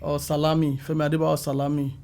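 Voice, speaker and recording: A man's voice: fast talker, vocal fry. A middle-aged man with a Nigerian accent, a film makeup artist telling his story as an interview guest and acting out the voices of people calling him. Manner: animated, acts out calls and quotes with rising pitch.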